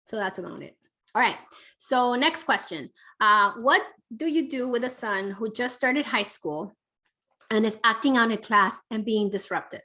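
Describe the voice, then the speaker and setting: A woman's voice: on the high side, normal speed. A woman parenting expert answering viewer questions on a live online Q&A, speaking in a conversational coaching way with many fillers. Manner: warm conversational coaching, frequent fillers, reads questions aloud. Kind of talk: live online Q&A, casual advice.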